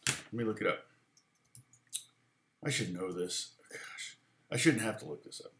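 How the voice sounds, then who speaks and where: A man's voice: lowish voice, measured pace, fairly bright tone. Rambling male guitar teacher, roomy sound. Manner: rambling, thinks aloud, counts and scats rhythms. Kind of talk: live-stream guitar lesson, answering chat. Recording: roomy echo.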